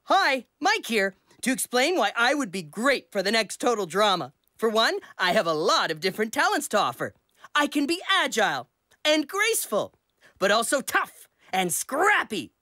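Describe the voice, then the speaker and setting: A woman voicing an eager, quirky teen boy pitching himself as a contestant, flustered and quick to correct himself. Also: very animated, bright, forceful tone, dry recording, clean studio sound.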